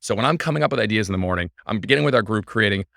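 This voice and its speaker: A man talks quickly and eagerly as a podcast guest. His voice is bright and forceful, and the recording is dry and close. His manner is energetic, and he tumbles from one point to the next. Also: on the low side, creaky, no echo. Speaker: podcast guest, baseball team owner. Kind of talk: casual interview chat.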